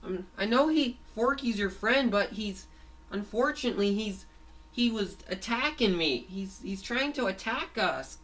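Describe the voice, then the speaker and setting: Guy putting on a high stammery hero dude, bright and pushy, fan story voice. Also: expressive, a little slow. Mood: urgent. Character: excitable male hero fighting a zombie.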